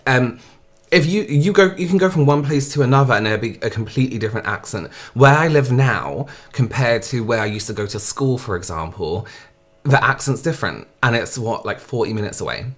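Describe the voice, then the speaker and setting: A man's voice: medium pitch, animated, brisk. An English man from England hosting a reaction video, chatting casually and swearing freely. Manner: chatty, swears freely, often asks "you know what I mean?".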